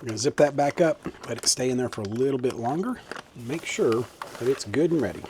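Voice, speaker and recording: A man's voice: medium pitch, expressive, fast talker, a little mellow, slight background noise. A middle-aged man, casually taste-testing and chatting in a cooking vlog. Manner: folksy, enthusiastic taste-testing. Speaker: cooking vlogger. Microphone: handheld camera mic.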